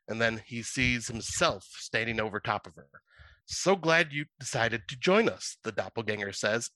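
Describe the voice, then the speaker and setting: A man, a podcast co-host, reading his own short story aloud in a steady, plain way. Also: medium pitch, dry recording.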